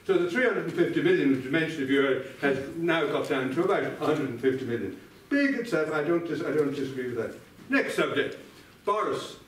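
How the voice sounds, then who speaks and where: A man's voice: mid-range voice, slight background noise. An older man giving a sardonic debate speech, addressing his opponent directly by name. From Ireland. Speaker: debate speaker. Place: large debating chamber indoors. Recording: echoey hall, voice from far off.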